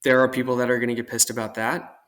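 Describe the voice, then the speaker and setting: A man's voice: mid-range voice, level tone, quick pace, fairly bright tone. A man from Oregon, a guest armorer on a podcast, talking in a casual, earnest and reflective way at length. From Portland, Oregon.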